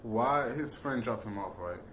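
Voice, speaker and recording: Blunt man with a lively voice. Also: mid-range voice, unhurried, slight background noise. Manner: blunt, jumps in with comments. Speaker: co-host. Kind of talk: casual storytime chat.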